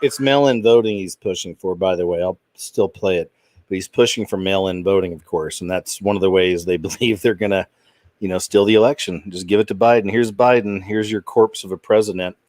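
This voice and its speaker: A man's voice: low voice, steady tone, a little fast, a little mellow, no room sound. A man hosting his own channel, talking in a rambling, indignant commentary with trailing restarts. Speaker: channel host. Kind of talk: casual commentary monologue.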